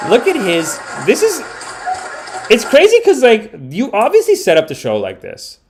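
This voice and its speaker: A man hosting a casual comedy podcast stream, rambling and animated, with the odd curse. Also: extremely high pitch, moderate pace, over music. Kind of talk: casual livestream commentary.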